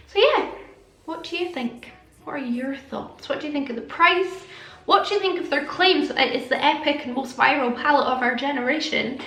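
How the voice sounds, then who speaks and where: A woman's voice: high-pitched, moderate pace, fairly bright tone, reverberant, faint music behind. A young Scottish woman, a beauty vlogger, chatting casually to camera with a slight lisp. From Scotland.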